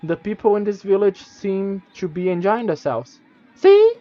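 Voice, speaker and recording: A man's voice: sits high, moderate pace, dark tone, highs cut off, faint music behind. A man streaming, reading a gamebook aloud with stumbles, restarts and casual asides. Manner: reads with stumbles and self-corrections, casual asides.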